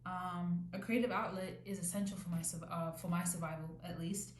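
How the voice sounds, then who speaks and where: A woman's voice: on the low side, fairly even intonation, moderate pace. Rambling young woman podcast host. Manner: rambling, self-correcting, restarts often. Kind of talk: casual solo podcast talk. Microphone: new podcast mic. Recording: echoey room, faint background noise.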